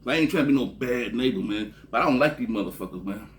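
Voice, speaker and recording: A man from Texas telling a long, rambling story in a casual, profane way, often trailing off with a low "man" at the end of a phrase. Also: animated, fast talker. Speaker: vlogger.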